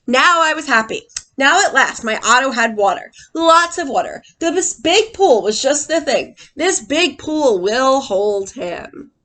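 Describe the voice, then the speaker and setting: Animated teacher reading to kids. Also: female voice, high voice, a little slow. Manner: animated, asks the children questions. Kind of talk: reading a picture book aloud to children.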